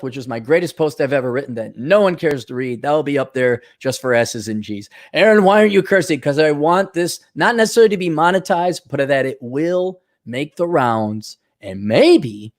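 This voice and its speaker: A man from the Milwaukee area ranting in a casual vlog, blunt and sarcastic, with quick asides. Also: a little high. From Milwaukee area, USA. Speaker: vlogger.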